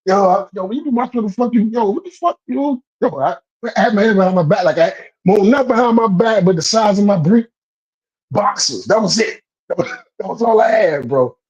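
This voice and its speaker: A man with a fairly high voice spins a street story in loose, profane chat, laughing as he goes and jumping in pitch when he gets worked up. He is relaxed and conversational. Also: fairly quick, lo-fi sound.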